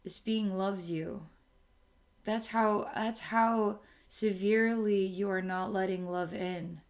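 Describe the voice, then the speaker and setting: A woman giving a channeled spiritual reading to someone, speaking softly and often checking in with "okay?". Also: mid-range voice, fairly even intonation. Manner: slow, soft, repeats okay to check in. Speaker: spiritual intuitive reader.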